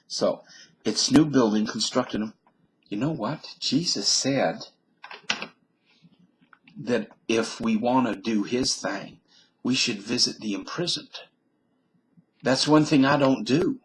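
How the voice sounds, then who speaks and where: A man at an ordinary middle pitch reading a biography aloud to listeners. He talks casually and wisecracks, often interrupting his own reading to comment on it before he carries on. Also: a bit bright, a little hiss or hum, low-quality recording. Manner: wisecracking, breaks off mid-sentence to comment. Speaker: presenter reading a mathematician's biography. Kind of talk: reading aloud with off-the-cuff joking asides.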